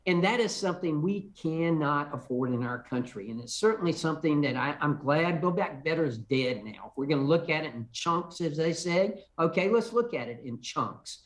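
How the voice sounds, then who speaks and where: A man's voice: on the high side, expressive, normal speed, few pauses. An older man, a congressman, answering viewer calls on a TV show in an emphatic way, often repeating words as he begins a sentence. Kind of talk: call-in TV interview answers.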